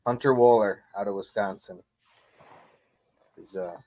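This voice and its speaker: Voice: low-pitched, steady tone, measured pace, darkish tone, no room sound, rough recording. A podcast co-host in a casual sports chat who drops dry, wry remarks.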